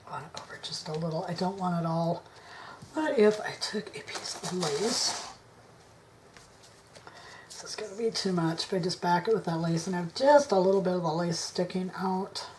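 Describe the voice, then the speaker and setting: A woman vlogging her craft work to camera on a tripod, thinking aloud, indecisive, often dropping into soft mutters. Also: lowish voice, normal speed, noisy background. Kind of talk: casual crafting chat to camera.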